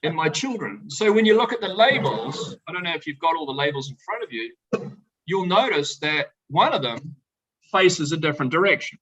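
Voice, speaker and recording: A middle-aged man, a winemaker, telling animated, joking stories to a tasting audience over a video call. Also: on the high side, moderate pace, muffled recording. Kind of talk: storytelling talk to a tasting audience. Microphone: video call presentation.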